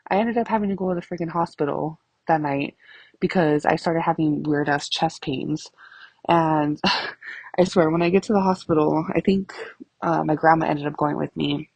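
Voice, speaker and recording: Deep-voiced with vocal fry and a breathy edge, this woman in her thirties speaks at a moderate pace with no room sound. On her own podcast she tells stories casually in a monologue, profane, animated, and frequently laughing.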